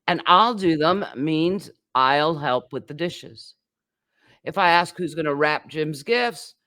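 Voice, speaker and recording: A man gives a recorded English grammar lesson, talking slowly and patiently through example after example. His voice sits a little high for a man and sounds close and dry, with no room around it. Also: bright, forceful tone, dry recording. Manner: patient explaining with many examples and fillers. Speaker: English teacher.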